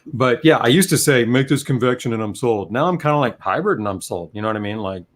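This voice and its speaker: A man co-hosting a casual chat, talking in a relaxed, candid way and often asking "you know what I mean". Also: medium pitch, fast. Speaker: co-host and vape reviewer.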